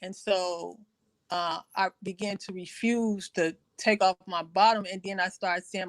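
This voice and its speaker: A woman telling her personal testimony in conversation. She speaks haltingly, with many fillers and repeated phrases, and raises her voice when quoting others. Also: mid-range voice, steady tone, no room sound. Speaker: guest sharing her testimony.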